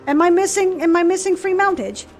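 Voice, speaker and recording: A woman's voice: very high-pitched, brisk, a little mellow, soft background music. A woman streaming a video game, reading character dialogue aloud and adding playful, sarcastic, swearing commentary.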